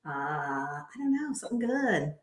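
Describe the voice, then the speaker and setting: A woman's voice: low-pitched, big pitch swings, a little slow. A woman co-hosting a casual recap chat, giggly and retelling scenes. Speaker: co-host. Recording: echoey room.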